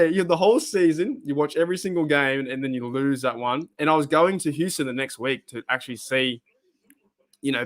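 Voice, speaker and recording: Hosting a live-stream reaction, a man with an Australian accent and a medium-pitched voice rambles casually and animatedly, cursing without restraint.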